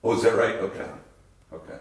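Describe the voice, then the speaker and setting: A man's voice: on the low side, brisk. A man interviewing older residents for an oral history, asking questions with light jokes and encouraging replies. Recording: echoey room, distant mic.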